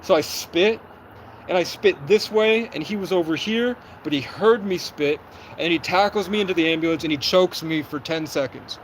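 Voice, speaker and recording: A young man talks to his livestream from somewhere outdoors, his voice sitting a little high. He tells his story in an agitated, rapid rush and acts out the lines of others as he goes. Faint street and traffic noise runs behind him. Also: low-quality recording. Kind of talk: livestream monologue.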